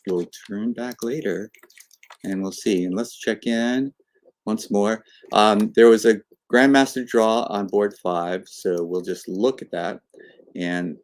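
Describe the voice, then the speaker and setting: A man commenting live on a chess game with a lowish voice and lots of energy. He walks through the moves and voices both players' thinking as if they were chatting. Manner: animated, acts out the players as if talking.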